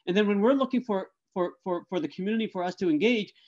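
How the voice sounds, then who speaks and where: A middle-aged man giving a lecture talk, telling animated stories with stammered restarts and lots of tag questions. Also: high-pitched, quick pace. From Canada. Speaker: guest speaker. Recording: dull lo-fi audio.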